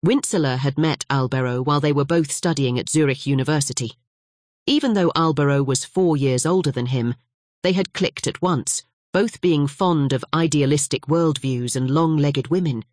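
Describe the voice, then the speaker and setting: An audiobook narrator giving scripted, measured narration of a novel. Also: medium pitch, no room sound, clean studio sound. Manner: measured, even storytelling.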